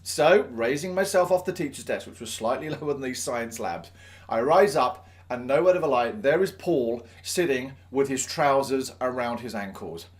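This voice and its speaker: A man's voice: medium pitch, expressive, normal speed. A man, a teacher, telling a self-mocking anecdote from his teaching life. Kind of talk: storytelling anecdote.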